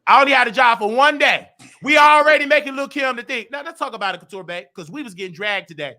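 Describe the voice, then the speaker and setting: Loud southern guy hosting a gossip show, brash trash talk, high bright voice. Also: fast talker. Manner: brash, animated, trash-talking. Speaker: show host.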